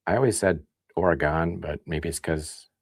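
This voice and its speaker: A man from the Midwest hosting a casual livestream, chatting and thinking out loud as he reads comments. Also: sits low, normal speed, no room sound, studio quality. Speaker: livestream host. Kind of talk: casual tasting livestream chat.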